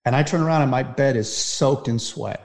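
A man's voice: medium pitch, a little fast, vocal fry. Intense man telling a personal story. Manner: intense, vivid, swings from loud to hushed. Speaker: podcast guest.

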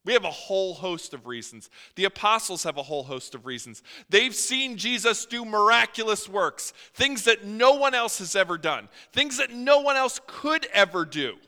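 A man's voice: sits high, animated, normal speed, hardly any pauses, pushed and bright. A man preaching a sermon in earnest, his voice swelling and dropping for emphasis, in a church. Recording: reverberant hall.

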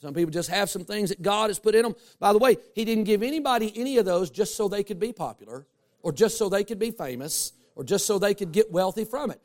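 Male pastor, high-pitched, lively humorous sermon delivery. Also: fast. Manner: animated, humorous preaching with rising emphasis and asides to the congregation.

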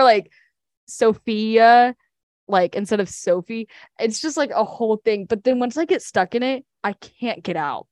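A woman's voice: mid-range voice, darkish tone, dry recording. Young woman, casual podcast chat, rambling, fillers, dry room. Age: young adult. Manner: chatty, fillers, laughs often. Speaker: podcast co-host.

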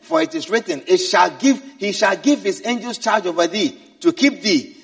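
A man preaching a sermon, swinging from quiet asides to shouted exhortations. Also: high-pitched, animated, moderate pace, gravelly, breathy edge. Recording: echoey hall, mic at a distance.

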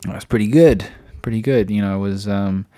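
A man with a lowish, dark-toned voice hosts a casual solo podcast, recorded indoors at home. He talks briskly and chattily, rambling from one topic to the next with frequent fillers and restarts.

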